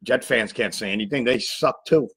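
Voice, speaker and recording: A man's voice: medium pitch, moderate pace, fairly bright tone, breathy edge, rough recording. A man who is an actor, guesting on a podcast and rambling loosely about his projects. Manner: loose, rambling, easily sidetracked. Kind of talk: casual chat.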